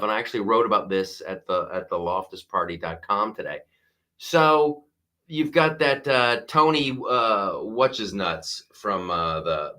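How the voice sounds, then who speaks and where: A middle-aged man hosting a live-stream podcast, talking in an animated, mocking way and laughing often. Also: on the low side, moderate pace. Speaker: podcast host. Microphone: wearing a strapped headset or mic.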